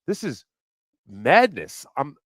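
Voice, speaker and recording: A man hosting a live show, talking casually, excitable and teasing, putting on mock alarm. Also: on the high side, slow pace, dry recording, studio quality. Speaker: livestream host.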